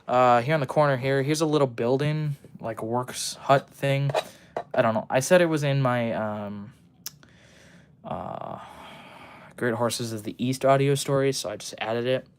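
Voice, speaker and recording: A man's voice: medium pitch, clean tone. A young man chatting casually on a livestream, rambling with lots of ums and restarts while he shows off a model he built at his workbench. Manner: rambling, full of ums and restarts, fast talker. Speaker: livestream host.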